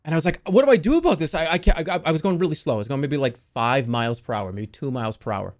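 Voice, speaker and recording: A young man casually telling the story of a strange dream, rambling and swearing, with sudden loud panicked outbursts. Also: medium pitch, fast talker. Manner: rambling, swears a lot, restarts, jumps into loud panicked quotes.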